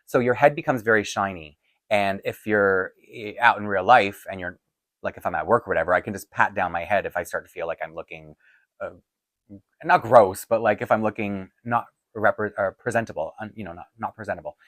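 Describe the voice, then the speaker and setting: A man's voice: on the low side, fairly quick, fairly bright tone, dry recording. A man hosting a casual question-and-answer video, chatty and rambling, laughing often, with a voice getting tired. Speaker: doll collecting channel host. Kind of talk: casual Q&A chat to camera. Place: home filming set-up.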